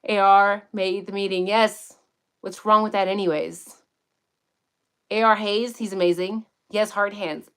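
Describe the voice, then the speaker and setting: A woman giving casual livestream commentary outdoors in the woods, profane, excitable and rambling as she reads the chat. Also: mid-range voice, unhurried, smooth. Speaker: true-crime commentator.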